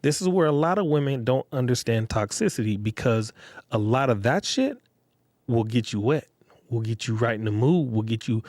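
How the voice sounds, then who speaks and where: A man hosts his podcast alone, talking at a normal speed in a mid-range voice. His casual monologue is blunt, profane, and heavy on street slang, growing animated when he acts out what others said. No room sound comes through.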